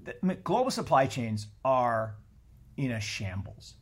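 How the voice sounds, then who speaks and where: Blunt and animated, this middle-aged podcast guest curses freely and keeps starting his sentences over in a casual conversation. He speaks a little slowly, in a mid-range voice.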